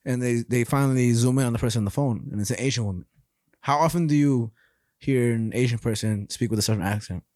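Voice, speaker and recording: A man's voice: mid-range voice, fast, no echo, clean studio sound. Profane, rambling young podcast guy. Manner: rambling, profane, animated storytelling. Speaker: podcast co-host. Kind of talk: casual podcast chat.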